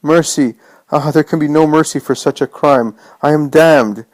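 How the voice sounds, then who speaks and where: A man's voice: on the high side, moderate pace, dry recording, voice pushed up, close to an everyday voice. A man voicing a terrified, repentant male assassin who cries out in panic. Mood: pleading. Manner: crying out in panic.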